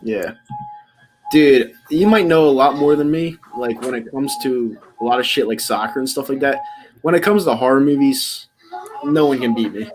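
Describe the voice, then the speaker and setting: A man's voice: mid-range voice, moderate pace, darkish tone. Easygoing male streamer chatting. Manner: laid-back, rambling, laughs easily. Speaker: stream host. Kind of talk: casual live reaction stream chat.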